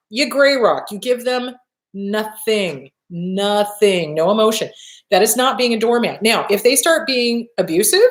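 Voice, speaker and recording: A woman hosting a live advice talk, answering viewer questions in a blunt, emphatic way and swearing casually. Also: a little high. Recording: roomy echo.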